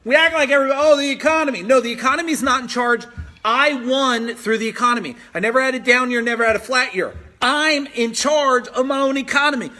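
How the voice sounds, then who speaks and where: High, bright-voiced pumped-up male coach. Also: a little fast. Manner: energetic, pushy, repeats phrases for emphasis. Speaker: business coach hosting a live stream. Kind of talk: motivational live-stream talk reading viewer comments. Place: at home.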